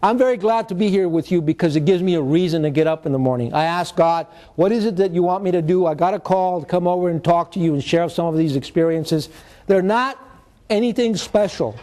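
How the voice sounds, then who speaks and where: A retired man, giving an animated storytelling talk to students as a guest speaker and mixing in Spanish slang. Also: high-pitched, brisk. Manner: animated, mixes in Spanish slang, acts out quotes.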